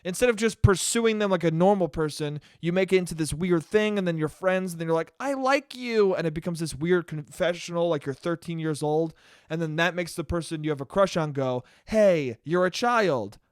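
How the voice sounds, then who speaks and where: A man's voice: fairly high pitch, brisk, darkish tone, smooth, no echo, studio quality. A young man hosting his own podcast, talking in a heated, profane and emphatic rant. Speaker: podcast host.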